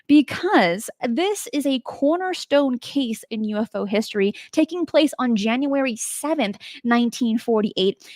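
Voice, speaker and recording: A woman's voice: high voice, no echo, clean studio sound. A woman hosting a show on strange cases, telling them in a chatty, emphatic way and putting rhetorical questions to her listeners. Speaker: host. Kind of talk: casual spoken narration of paranormal cases.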